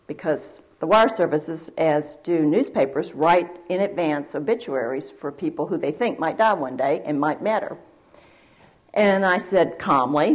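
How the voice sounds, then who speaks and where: A woman, a former wire reporter on a panel, telling a lively story and acting out the quotes. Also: deep voice, normal speed. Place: university event hall.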